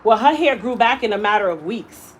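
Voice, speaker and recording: A woman's voice: mid-range voice, a little fast, a little hiss or hum, low-quality recording. A young adult woman, a hairstylist, telling an emotional personal story and acting out the voices she quotes. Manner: animated, acts out quoted voices. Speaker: hairstylist and salon owner.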